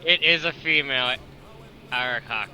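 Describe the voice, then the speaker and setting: A man's voice: mid-range voice, normal speed. A man running a tabletop game as game master, narrating with lots of laughter. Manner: animated, laughs often.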